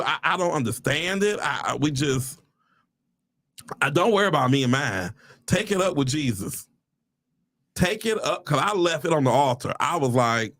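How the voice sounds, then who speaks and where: A man talks casually to his livestream viewers, calling them y'all. His gravelly voice swings widely in pitch, and he breaks into churchy exclamations. The sound is close and dry. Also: moderate pace, no room sound. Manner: animated, preacher-like exclamations, addresses viewers as y'all. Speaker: realtor livestreaming to followers.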